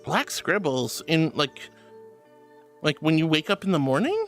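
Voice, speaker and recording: A woman streamer chats casually with her viewers, reading their messages and thanking them with endless honeys and sweeties. Her pitch swoops up and down, and soft music plays behind her. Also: lively intonation, measured pace. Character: furry angel VTuber avatar. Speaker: VTuber streamer.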